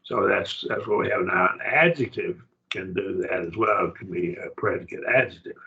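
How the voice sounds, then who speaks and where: A man's voice: low voice, normal speed, pushed and bright, lo-fi sound. An older man teaching a Greek grammar lesson, patient, checking that his student follows. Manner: patient, explains step by step, checks understanding.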